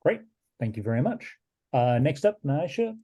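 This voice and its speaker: A man's voice: mid-range voice, sing-song, moderate pace, warm tone, breathy edge. A man moderating a webinar panel, passing the word along with short, upbeat handoffs. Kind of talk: hosting a panel.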